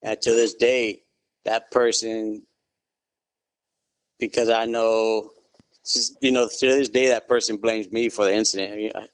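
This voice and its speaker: Low-voiced middle-aged man telling his story. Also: unhurried, long pauses, dry recording. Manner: relaxed storytelling, full of "you know"; good-humored. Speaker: guest. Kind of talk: casual interview.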